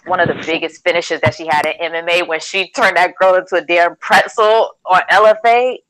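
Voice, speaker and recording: A woman co-hosting a podcast, talking fast and emphatically in loose, slangy banter about fighters. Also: fairly low pitch, steady tone, a bit bright, no echo, rough recording. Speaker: podcast co-host. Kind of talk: casual chat about MMA.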